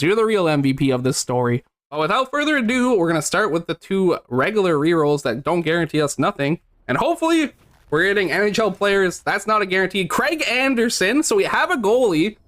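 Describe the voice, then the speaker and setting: A man's voice: sits high, a bit bright. A young man giving casual, upbeat commentary while opening packs in a video game, reacting with hype to each pull. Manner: upbeat, hyped reactions to pack pulls. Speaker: gaming YouTuber.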